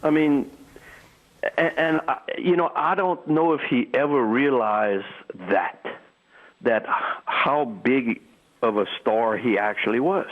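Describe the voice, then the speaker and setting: An older man, a former ballplayer, telling stories in an interview, halting and repeating words as he goes. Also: mid-range voice, phone-quality sound. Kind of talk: storytelling interview.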